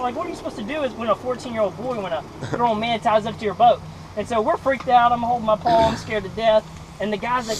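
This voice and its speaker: A young man from Mississippi, telling a lively personal story in a devotional talk and acting out the voices. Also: very high-pitched, brisk, background noise. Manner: animated storyteller acting out voices, laughing often. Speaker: devotional speaker.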